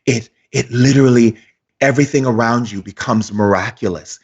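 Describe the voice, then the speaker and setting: A man's voice: medium pitch, moderate pace, a little mellow, lo-fi sound. A man giving a motivational spiritual talk as a shamanic teacher, emphatic and repetitive like a preacher, openly emotional. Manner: emotional, effusive.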